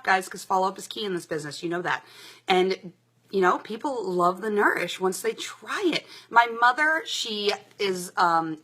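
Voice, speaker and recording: A woman's voice: mid-range voice, sharp tone. A young adult woman giving a live product demo as a sales presenter, chatty and upbeat, with lots of "like" and "um". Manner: chatty and upbeat, many fillers like "like" and "um".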